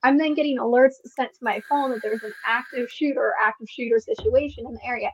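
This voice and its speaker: A woman's voice: a little high, fast talker, slight background noise, low-quality recording. A woman in casual podcast chat, telling a story in a blunt, swearing, exasperated way. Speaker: podcast guest.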